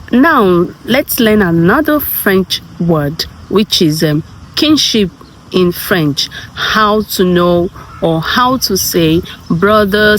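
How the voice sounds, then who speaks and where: Slow, low-voiced woman teaching words. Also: slight background noise. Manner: slow and repetitive, saying each word twice. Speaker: language tutor and channel host. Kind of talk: casual spoken vocabulary lesson.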